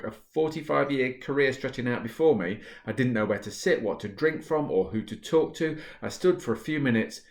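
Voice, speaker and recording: A man who writes about positive psychology, talking casually to teachers and then reading a story passage aloud in a relaxed, storytelling way. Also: medium pitch. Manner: relaxed and chatty with fillers, reading at an easy, storytelling pace. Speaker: positive psychology author and speaker. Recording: roomy, echoey room.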